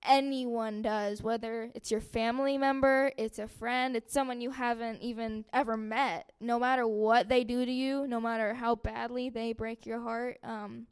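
Young woman, smooth clear voice, soft and hesitant, sharing a testimony. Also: fairly high pitch, little pitch movement. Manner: soft, halting, many fillers and sighs. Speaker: church member giving testimony. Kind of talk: personal testimony to a group.

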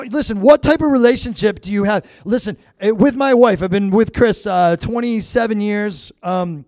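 A man's voice: high voice, a little mellow, no echo, studio quality. A middle-aged man preaching a sermon as pastor, talking straight to the congregation in a conversational way with frequent asides.

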